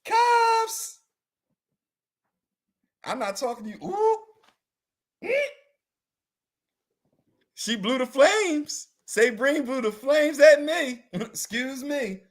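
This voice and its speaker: A man's voice: extremely high pitch, lively intonation, unhurried. A man chatting casually on a talk show, playful and teasing, laughing often and drawing out words for emphasis. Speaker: talk show guest answering live comments. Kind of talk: casual comedic chat.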